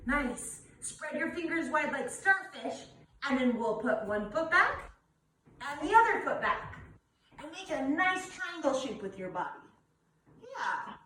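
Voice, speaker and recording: A young woman leads children through yoga in a cheerful, encouraging, sing-song voice. Her voice is high and lively, and she speaks slowly. It sounds echoey, picked up from a distance. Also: slight background noise. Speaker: kids' yoga teacher. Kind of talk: guided children's yoga class.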